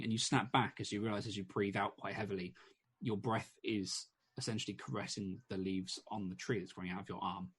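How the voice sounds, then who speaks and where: Husky man narrating a tabletop game. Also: fairly low pitch, fairly even intonation, fairly quick, a bit bright. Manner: rambling narration full of fillers and restarts. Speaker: game master.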